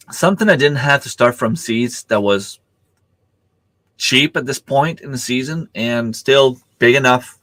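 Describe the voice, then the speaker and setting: A man's voice: on the low side, fairly bright tone, no echo. A middle-aged man, hosting a casual livestream chat, rambling with many fillers and restarts while he has the hiccups. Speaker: livestream host.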